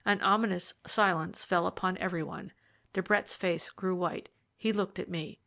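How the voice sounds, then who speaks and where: A woman narrating a period detective story in a steady, measured reading style. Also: on the low side, gravelly. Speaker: audiobook reader. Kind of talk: scripted narration.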